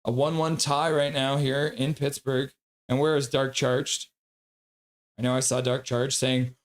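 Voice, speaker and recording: A man streaming live play-by-play of a hockey game, calling the action quickly and reading viewer comments between plays. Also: mid-range voice. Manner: rapid play-by-play, bursts into loud excited voices when reading chat.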